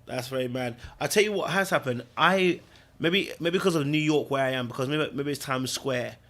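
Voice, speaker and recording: A man's voice: medium pitch, fairly quick, a bit bright. A man from Britain, chatting casually as a podcast host in a loose, rambling way full of slang. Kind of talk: casual livestream chat.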